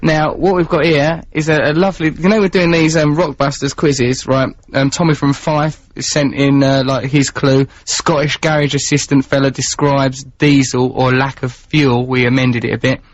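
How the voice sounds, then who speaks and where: A man's voice: medium pitch, steady tone, moderate pace, hardly any pauses. A man with an Essex accent hosting a radio show, chatting in a florid, wordy, teasing way. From England, Essex. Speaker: radio host. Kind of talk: playful radio chat. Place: radio studio. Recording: dull, dry radio studio sound.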